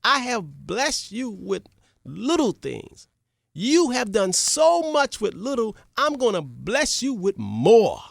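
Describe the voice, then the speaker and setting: A radio talk host voicing a king in a parable, exclaiming effusively in a raised, louder voice. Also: high-pitched, lively intonation, fairly quick, few pauses, no room sound, clean studio sound, pitched above the performer's own voice, heavily acted. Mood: overjoyed. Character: overjoyed then angry king.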